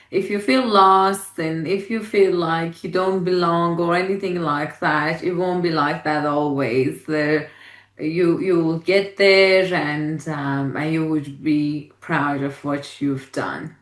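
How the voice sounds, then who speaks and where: Slow-talking woman host, roomy sound. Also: fairly low pitch, fairly even intonation. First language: not English. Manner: slow, warm encouragement, laughs readily. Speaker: podcast host. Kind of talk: casual interview chat. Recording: roomy echo.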